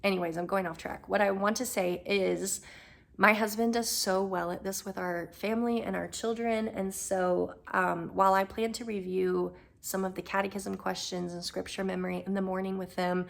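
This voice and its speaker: This is a woman chatting casually to the camera, upbeat, with frequent ums as she talks. Her mid-range voice is gravelly with vocal fry. She sounds slightly hoarse, as if losing her voice. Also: mid-range voice, steady tone, normal speed. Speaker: homeschooling mother.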